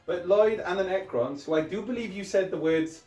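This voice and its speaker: A man's voice: sits high, normal speed, a little mellow. A man hosting a tabletop wargame channel, talking through dice rolls in a joking, self-deprecating way. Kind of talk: casual tabletop game commentary. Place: game room. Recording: echoey room with music underneath.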